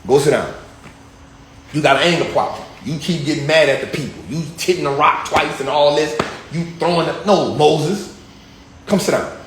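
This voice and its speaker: A man's voice: a little high, moderate pace, pitched below the performer's own voice, natural voice. A man voicing a laid-back, stern God. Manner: repetitive, slangy, laid-back commands. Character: God, calm stern fatherly male deity. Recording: echoey room, faint ambient hum.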